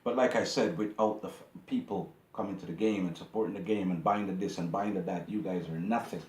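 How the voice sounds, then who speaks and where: Here a man runs his own YouTube channel, his low, darkish voice moving briskly through an echoey room. He talks straight to his audience in an offhand but indignant, preachy rant, circling back over the same points.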